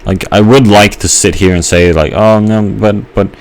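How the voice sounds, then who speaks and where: A man's voice: lowish voice, steady tone, normal speed, a little hiss or hum. A young man giving a rambling let's-play commentary, musing and hesitant with many fillers and restarts. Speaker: gamer.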